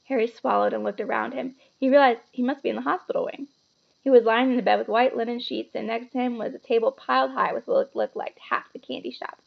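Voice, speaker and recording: A woman reading a children's book aloud with expressive, dramatic storytelling. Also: a little high, quick pace, creaky, highs cut off. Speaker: storybook reader.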